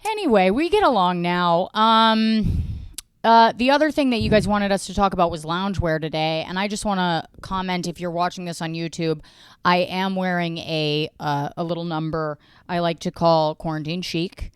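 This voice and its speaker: A woman's voice: lowish voice, moderate pace, clear, resonant tone, dry recording. A woman hosting a podcast in casual chat, with dry, joking delivery. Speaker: podcast host.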